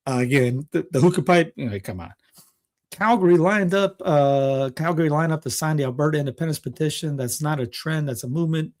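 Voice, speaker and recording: A man from Toronto hosting a casual political commentary show, rambling and excitable, often restarting and laughing. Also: on the high side, fairly quick. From Toronto, Canada. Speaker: podcast host.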